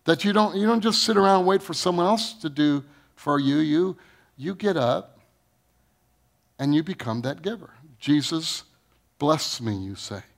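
A man preaching a sermon. He reads scripture aloud, asks the congregation questions, and swings from booming rises to low, quiet lines. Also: moderate pace, creaky. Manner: preaching with sudden rises in pitch and volume, then dropping low. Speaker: pastor.

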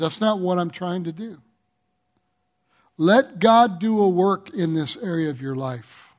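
Man pastor giving a sermon, kinda high voice, takes his time, earnest and pleading. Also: expressive, a little mellow. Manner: earnest, pleading preaching with emphatic swells; reads scripture aloud slowly.

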